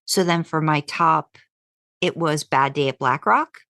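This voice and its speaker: A woman co-hosting a podcast in a relaxed, chatty way. Her voice sits low, and it is recorded close and dry. She restarts sentences often and fills gaps with ums. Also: unhurried, no room sound. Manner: chatty, animated, lots of fillers and restarts; jumps into high voices when quoting. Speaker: podcast co-host. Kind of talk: casual chat.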